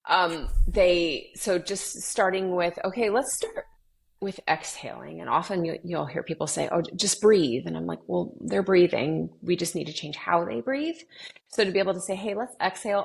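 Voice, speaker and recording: A middle-aged woman with a slightly low voice speaks in an easygoing interview. She slips into other people's voices as she quotes them and frequently restarts her sentences. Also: normal speed, gravelly. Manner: animated, acts out quoted dialogue with clients. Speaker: guest sharing her experience with anxiety. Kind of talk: casual interview conversation.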